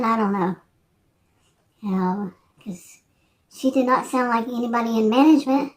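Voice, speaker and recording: A woman's voice: on the high side, normal speed. A woman in her sixties chatting casually on her vlog, wandering from thought to thought with hesitant restarts. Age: 60s. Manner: meandering, hesitant, many restarts and fillers. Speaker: vlogger. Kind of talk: rambling casual chat.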